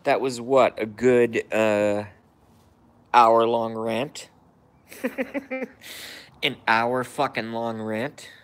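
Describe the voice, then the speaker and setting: Male streamer, casual rambling chat, slow delivery, profane and self-mocking. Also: medium pitch, steady tone. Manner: profane, self-deprecating grumbling. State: hiccups. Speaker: live streamer.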